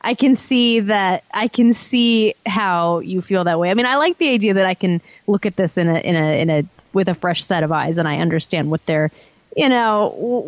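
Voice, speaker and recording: A woman's voice: lowish voice, no echo. Young woman co-host on a dull-sounding mic. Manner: thoughtful, reasoning in long turns with repeats. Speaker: podcast co-host. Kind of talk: casual conversational podcast.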